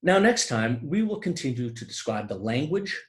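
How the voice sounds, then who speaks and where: Male poetry lecturer, very expressive pitch, explanatory, hesitant restarts, slows on key words. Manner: slows down to stress key terms. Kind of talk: online literature lecture.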